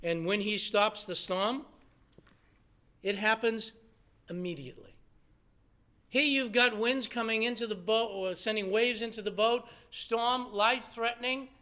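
A man delivering a sermon in a very high, bright voice. He preaches emphatically, pressing his points with rhetorical questions. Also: a little slow. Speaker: pastor.

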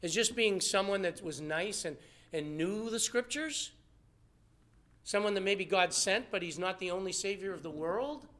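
A man preaching a sermon, animated, acting out the people he quotes. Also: high voice, normal speed. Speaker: pastor.

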